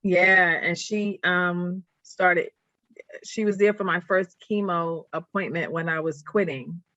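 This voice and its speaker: A woman guest on a podcast, telling a personal story in an earnest, halting way that turns emotional. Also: lowish voice, steady tone, bright, forceful tone, dry recording, highs cut off. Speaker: guest, nonprofit founder.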